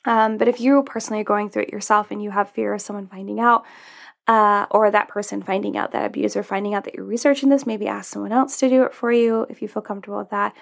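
A woman's voice: mid-range voice, fairly even intonation, fast, vocal fry. A woman vlogger giving earnest, casual advice to her viewers, with lots of ums and you-knows. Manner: earnest, with many fillers like "um" and "you know". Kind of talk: casual advice talk to camera.

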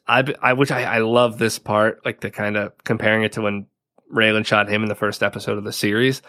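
A man's voice: on the low side, little pitch movement, fairly quick, pushed and bright. A man co-hosting a podcast, casually recapping a TV episode with lots of "like" and frequent laughs. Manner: chatty, laughs often, leans on "like" a lot. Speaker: podcast co-host.

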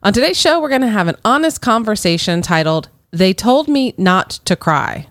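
A woman's voice: mid-range voice, sing-song, normal speed, no room sound, clean studio sound. A woman co-hosting a podcast, prompting her co-host with questions and listening supportively. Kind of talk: casual interview-style conversation.

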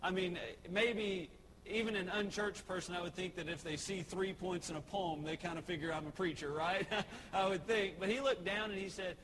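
A man's voice: sits high, fairly even intonation, normal speed, fairly bright tone, rough recording. A man with a Texan accent, a pastor giving an evening sermon in a church, telling a story conversationally with many fillers. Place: church sanctuary. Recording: clear background noise.

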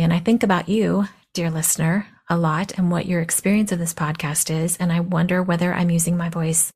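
A woman's voice: lowish voice, a little mellow. Scratchy-voiced woman podcaster recovering from a cold. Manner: blunt, candid. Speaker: podcast host. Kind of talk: personal storytelling monologue.

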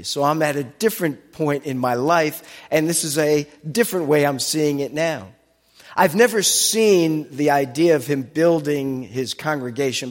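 A man giving a sermon, teaching with asides and explaining Hebrew and Greek words. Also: fairly high pitch. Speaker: pastor. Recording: long hall reverb.

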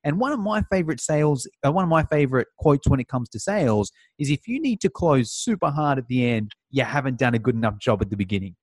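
A man hosting a podcast, upbeat, recapping the guest's points in clear steps. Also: mid-range voice, animated, quick pace, hardly any pauses, no room sound. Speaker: podcast host. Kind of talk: podcast conversation, summarizing.

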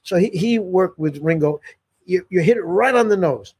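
An older musician telling stories in a casual interview, rambling with many "you know"s and restarts and laughing often. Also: male voice, high voice, lively intonation, normal speed, a little mellow, breathy edge. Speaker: musician guest.

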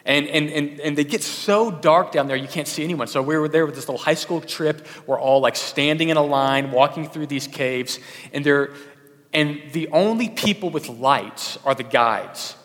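A man's voice: on the high side, moderate pace, a bit bright. A young adult man preaching a sermon as a pastor, conversational, with many fillers and restarts. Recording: long hall reverb.

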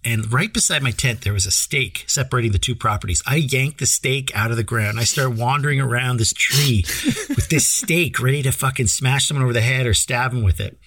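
A Canadian man from Ontario co-hosts a casual podcast with a somewhat husky voice. He tells stories in an animated way, laughing often and swearing freely. The sound is dry and close. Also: mid-range voice, a little fast, dry recording. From Lanark County, Ontario, Canada. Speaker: podcast co-host. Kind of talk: casual chat and storytelling.

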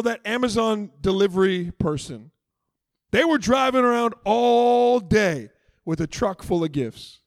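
A middle-aged man delivers a sermon in a high, light voice. He preaches in a conversational, animated way with playful asides. The sound is close and dry, with no room echo. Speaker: pastor.

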